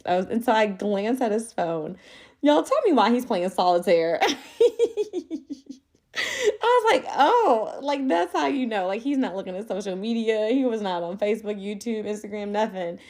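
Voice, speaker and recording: A young adult woman hosting a podcast, telling a story in a chatty, animated way and calling her listeners "y'all.". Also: lowish voice. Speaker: podcast host. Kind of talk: casual storytelling monologue.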